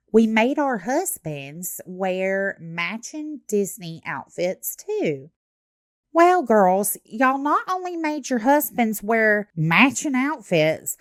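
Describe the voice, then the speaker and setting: A woman's voice: fairly high pitch, no room sound, clean studio sound. A young woman giving blunt, sarcastic reaction commentary, swearing freely. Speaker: commentary host.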